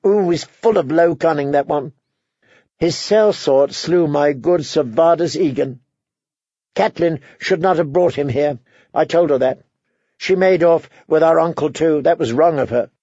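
A man voicing a bitter, self-pitying noblewoman who is sharp and suspicious, switching between wheedling and prying. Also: fairly high pitch, a little slow, no echo, lo-fi sound. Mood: scornful.

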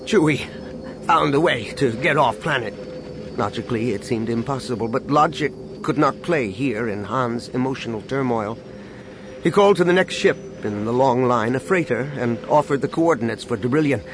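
Over steady background noise, a male narrator reads a sci-fi novel aloud. His scripted delivery stays measured, going low whenever the lines turn sad.

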